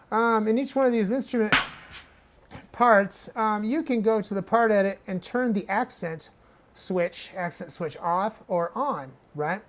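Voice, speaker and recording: A man's voice: sits high, background noise. A man hosting a casual hardware music tutorial, talking in a loose, chatty way and often checking in with "right?".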